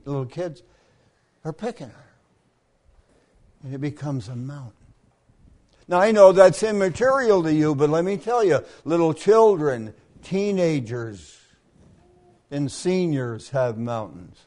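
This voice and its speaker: An older man preaching a camp meeting sermon in a folksy storytelling manner, often clearing his throat. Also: a little high, darkish tone.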